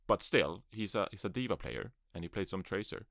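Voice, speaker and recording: His voice sits low and is creaky and fairly bright, with lively intonation at a normal speed, recorded at studio quality without room sound. The man is hosting his first solo esports podcast from a small closet on a USB microphone, rambling in a casual way with self-deprecating asides.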